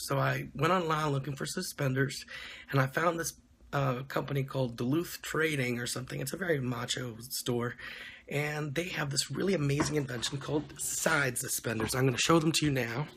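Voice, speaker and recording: Brief: young adult man, rambling casual vlog delivery, blunt and profane, middle pitch, faint background noise. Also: fairly bright tone. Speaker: vlogger. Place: small dim room indoors.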